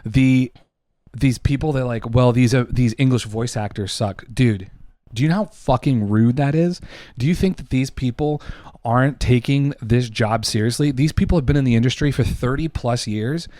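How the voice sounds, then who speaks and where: A man's voice: mid-range voice, moderate pace, dark tone, no echo. A man co-hosting a casual podcast, arguing heatedly and emphatically, with lots of swearing. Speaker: podcast co-host.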